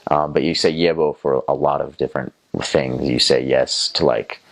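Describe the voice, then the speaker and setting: A man's voice: extremely low pitch, steady tone, normal speed, vocal fry. A young man from North Carolina with a Southern American accent, casually telling stories about his time as a missionary, rambling with lots of fillers and restarts and mimicking other people's voices. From North Carolina, USA. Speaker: former missionary. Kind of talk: casual first-person storytelling.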